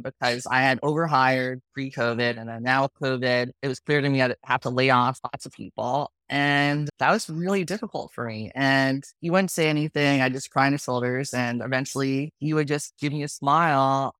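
A woman's voice: extremely low pitch, moderate pace, hardly any pauses, dry recording. Woman founder guest, frank storytelling, dry close sound, pretty emotional. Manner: frank, emotional, lively retelling. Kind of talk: candid storytelling in conversation.

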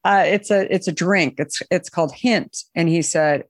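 A woman founder being interviewed, who tells long anecdotes full of fillers and restarts and raises her pitch when she quotes other people. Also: normal speed, creaky, no room sound, clean studio sound. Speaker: company founder, guest. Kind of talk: interview storytelling.

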